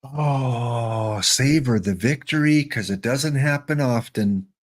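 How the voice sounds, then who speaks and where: A middle-aged man giving chatty, joking live-stream commentary while playing a baseball sim, excited and wired on coffee. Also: medium pitch, takes it slowly, hardly any pauses. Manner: chatty, joking, talks to chat bots.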